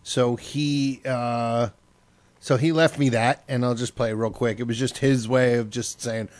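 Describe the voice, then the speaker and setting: A man's voice: mid-range voice, fairly even intonation, unhurried, darkish tone. A man hosting a radio show, telling stories in loose casual banter full of fillers. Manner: loose storytelling with many fillers.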